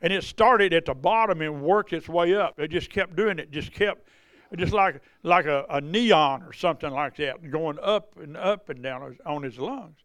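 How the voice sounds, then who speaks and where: A man's voice: a little high, moderate pace, a bit bright, no room sound, clean studio sound. A man telling healing testimonies from the pulpit, folksy and conversational. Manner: folksy, conversational, repeats and restarts. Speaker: revival preacher. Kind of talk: testimony storytelling sermon.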